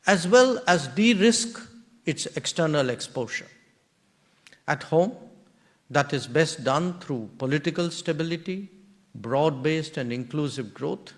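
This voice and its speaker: A man with an Indian accent delivering a formal memorial lecture, speaking in measured, deliberate phrases broken into short clauses. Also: on the high side.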